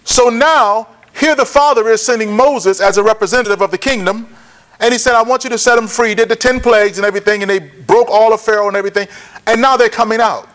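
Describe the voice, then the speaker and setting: A man teaching a Bible lesson, often checking that listeners follow and repeating key points slowly for notes. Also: sits high, fairly bright tone. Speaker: preacher.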